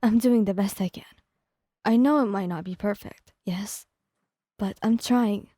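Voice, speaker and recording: A timid young partner with a soft, hesitant, stammering delivery, voiced by a woman. The voice is mellow and warm, and it sounds dry and close to the mic. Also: mid-range voice, unhurried, no echo, close to an everyday voice. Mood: hurt, timid.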